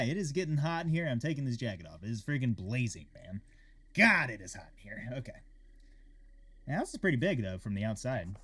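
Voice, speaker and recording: A man commenting his way through a horror game, with jokey asides and sudden excited shouts. His voice sits at a middle pitch and moves a lot, and quiet game music plays under it. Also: a little fast, husky. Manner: animated reactions, jokey asides. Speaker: gaming channel host. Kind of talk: let's play commentary.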